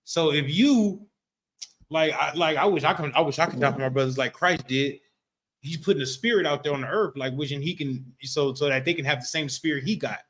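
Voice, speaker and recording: A man's voice: on the high side, fairly quick, fairly bright tone. Man leading a loose religious class. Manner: loose, repetitive, keeps asking "you know what I'm talking about". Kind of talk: casual religious class discussion.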